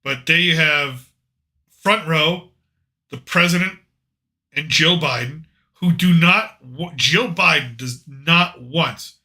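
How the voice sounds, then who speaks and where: A man's voice: on the high side, slow, pushed and bright. A man hosting a podcast, chatting casually and jokingly about politics with rambling, opinionated asides. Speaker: podcast host.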